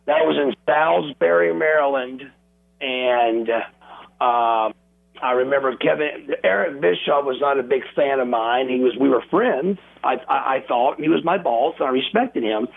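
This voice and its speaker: A man telling wrestling stories as an interview guest, animated and acting out crowd reactions and quotes. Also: medium pitch, normal speed, creaky. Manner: animated storyteller, acts out crowd noises and quotes. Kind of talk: casual storytelling interview. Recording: tinny phone line.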